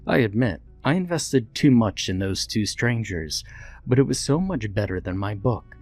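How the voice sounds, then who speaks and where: A man narrating a story in a reflective, steady storytelling manner. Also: lowish voice, moderate pace. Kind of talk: scripted horror story narration. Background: faint background music.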